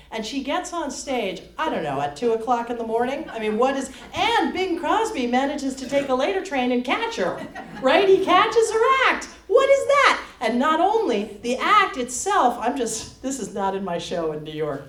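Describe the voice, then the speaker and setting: A woman cabaret singer chatting with the audience between songs in a public library performance space, telling an animated story with wry questions to the crowd. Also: a little high, recorded from a distance. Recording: echoey room, loud piano. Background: piano accompaniment.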